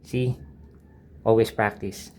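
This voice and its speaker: A man's voice: on the low side, little pitch movement, slow pace, warm tone. A middle-aged man, an art channel host, casually talking through his old drawings, rambling with many fillers and restarts. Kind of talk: casual sketchbook tour narration.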